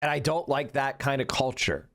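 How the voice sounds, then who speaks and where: A man's voice: mid-range voice, lively intonation, moderate pace, a bit bright. A man in his forties giving heated, profane live-stream commentary, his voice climbing as he rants. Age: 40s. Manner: profane, ranting, voice climbing when worked up. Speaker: political streamer.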